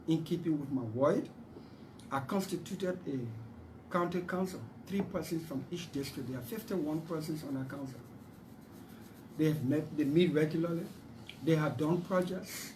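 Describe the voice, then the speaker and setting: A man's voice: fairly high pitch, a little mellow, slight background noise, poor audio. A man as a senator answering interview questions in an assertive, combative way.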